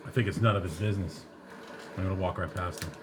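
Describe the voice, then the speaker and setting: A man playing a tabletop role-playing game, talking bluntly and gruffly. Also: deep voice, steady tone, fast talker, very noisy. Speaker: player. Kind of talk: casual tabletop play.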